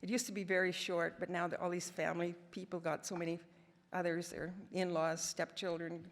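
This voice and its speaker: With a lowish, fairly flat voice and a fairly quick pace, a Canadian guest speaker in her seventies tells stories from her life as personal testimony. She uses wry, self-deprecating humor, and her words echo with the long reverb of a large hall.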